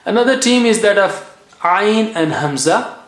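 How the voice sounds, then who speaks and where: A man from Asia, teaching Quran reading in a patient way and repeating each sound slowly for practice. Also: high-pitched, expressive. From South Asia. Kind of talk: recorded language lesson. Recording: echoey room.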